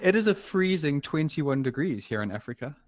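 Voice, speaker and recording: A man co-hosting a casual gaming podcast, complaining with deadpan exaggeration. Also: fairly high pitch, brisk, a crowd in the background. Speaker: podcast co-host. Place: in Africa.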